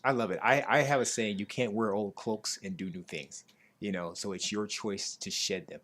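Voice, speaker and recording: A middle-aged man hosting a casual interview show, talking easily and getting animated when he gives shout-outs. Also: lowish voice, normal speed. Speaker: show host.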